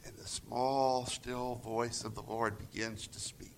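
Slow, bright-voiced preacher, swinging loud to soft. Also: male voice, slight background noise. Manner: dramatic swings from loud to near-whisper; acts out quoted voices with raised pitch. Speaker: pastor. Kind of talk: sermon.

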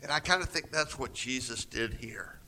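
A man preaching a sermon, retelling scripture with dramatic swings from loud passages to near-whispers and acting out quoted voices. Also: normal speed, slight background noise. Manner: acts out quoted voices with raised pitch. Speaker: pastor.

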